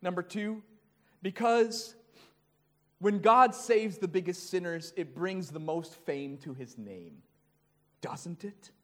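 High-voiced man preaching a sermon. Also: takes it slowly, pauses often. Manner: animated, swings between hushed low asides and loud raised passages.

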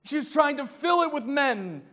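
A man with a high voice preaching a sermon. He swings between hushed, low asides and loud, raised passages, with an animated delivery. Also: measured pace.

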